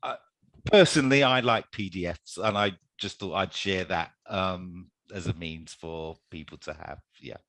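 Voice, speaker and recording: A man, the guest presenter, answering questions over a video call in a low, dry voice with no room sound. He talks in a friendly way and often chuckles. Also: measured pace, a bit bright, dry recording. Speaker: guest presenter, software developer. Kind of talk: casual Q&A.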